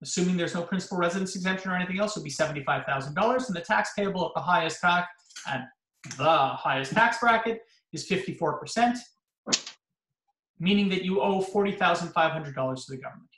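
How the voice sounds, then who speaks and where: A man's voice: sits high, fast talker, fairly bright tone. A man, a lawyer lecturing real estate agents, explaining things by posing questions and answering them himself. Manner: explanatory, asks and answers his own questions. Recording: echoey room.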